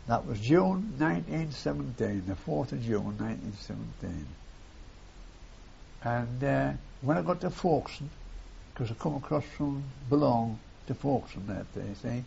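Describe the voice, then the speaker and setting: Older man telling war memories, gravelly, rambling, muffled old tape. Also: medium pitch, expressive, moderate pace, mellow. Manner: rambling, repeats phrases, tags lines with "see". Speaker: war veteran interviewee. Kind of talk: oral history reminiscence. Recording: dull lo-fi tape with faint hiss.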